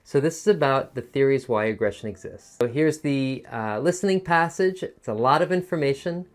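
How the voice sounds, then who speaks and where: Soft-toned man with a musical teacher voice. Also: mid-range voice, normal speed. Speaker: TOEFL teacher. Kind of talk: online lesson explaining a test.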